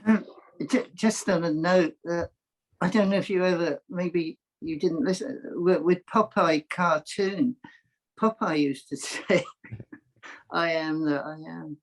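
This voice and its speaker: A participant at a satsang chimes in with a chatty, hesitant aside. The voice sits at an ordinary middle pitch. The talk is loose and conversational, full of small starts and stops. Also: unhurried, poor audio.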